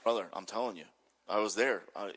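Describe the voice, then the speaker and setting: A man casually telling animated backstage stories, swearing and laughing as he goes. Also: fairly low pitch, a little fast. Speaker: pro wrestler telling stories. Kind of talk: casual storytelling.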